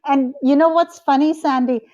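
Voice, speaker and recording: A woman's voice: sits high, moderate pace, no echo. A Canadian woman on a video call, telling stories animatedly with lots of fillers. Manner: animated storyteller, many fillers. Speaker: guest, intuitive. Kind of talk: casual chat on a video call. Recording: dull dry call audio.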